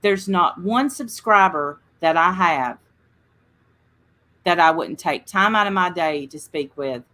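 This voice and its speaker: Bright-voiced chatty woman host. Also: fairly low pitch, expressive, slow. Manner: chatty, rambling storyteller; talks straight to her chat viewers. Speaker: livestream host. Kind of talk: casual livestream chat.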